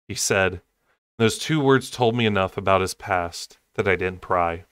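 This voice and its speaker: A man reads a fantasy novel aloud in a single raw take. His voice sits low, and the sound is dry and close with no room echo. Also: steady tone, moderate pace, fairly bright tone, clear, resonant tone. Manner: unedited reading with slips and asides. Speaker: audiobook reader.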